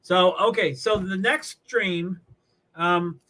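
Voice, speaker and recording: This live streamer from New England has a high voice and a slow, bright, chatty delivery. Watching a race, he rambles through casual chatter, interrupts himself, and laughs softly again and again.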